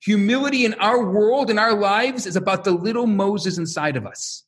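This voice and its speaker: A man's voice: high voice, normal speed. A man giving a religious lecture as a rabbi, telling stories and acting out the quotes. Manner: animated storyteller who acts out quotes.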